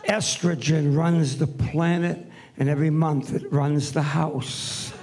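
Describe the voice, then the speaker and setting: A man of seventy working a theatre crowd with stand-up, brash and teasing as he fires off punchy one-liners. His voice sits fairly high for a man. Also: steady tone, slow, darkish tone. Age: 70s. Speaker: stand-up comedian. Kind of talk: stand-up comedy routine. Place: theatre stage before a live audience.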